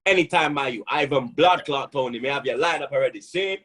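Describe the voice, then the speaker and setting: A young man, a football pundit who talks in loud, animated street slang and keeps saying "blood" and "you understand". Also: medium pitch, brisk. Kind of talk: casual football banter.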